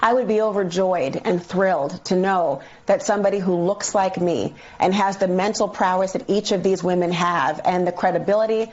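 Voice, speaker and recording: A woman's voice: fairly low pitch, normal speed, hardly any pauses, darkish tone, lo-fi sound. A woman legal analyst speaking emphatically and earnestly in a television commentary segment, building long sentences.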